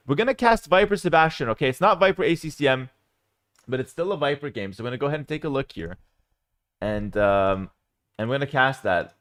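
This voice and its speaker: A man streaming live esports commentary, talking straight to his chat, firing off quick play-by-play and breaking into excited outbursts. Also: mid-range voice, dry recording. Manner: chats to viewers as "guys". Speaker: streamer casting a game.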